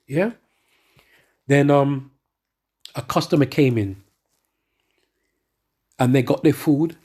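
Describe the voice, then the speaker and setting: A man's voice: medium pitch, a little mellow, husky. A man giving a rambling spoken testimony who keeps checking in with his listeners as he tells his story. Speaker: church member giving testimony.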